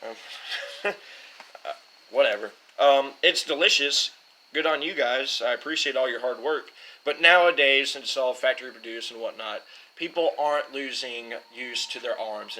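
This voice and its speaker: A young man hosts a relaxed whiskey chat in a bright, forward voice, tripping over names and laughing at his own slips. A faint hum of the room sits behind him. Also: medium pitch, low-quality recording. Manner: rambling, self-mocking, fumbles names. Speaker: show host. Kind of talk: casual whiskey-tasting talk.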